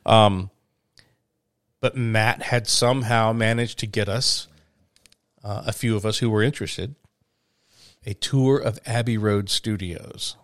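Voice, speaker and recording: A man's voice: fairly low pitch, fairly even intonation, unhurried, pauses often, no echo, studio quality. A man telling a story in casual chat, rambling with fillers and restarts.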